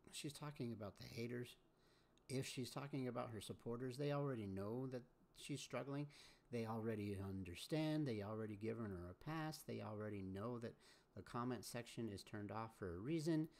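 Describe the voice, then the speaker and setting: A man hosts casual reaction commentary with a gravelly, creaky voice. He scolds and lectures in an everyday register, chiming in with agreement. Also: mid-range voice, moderate pace, darkish tone. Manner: scolding, repeats catchphrases like 'amen'. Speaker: commentary host.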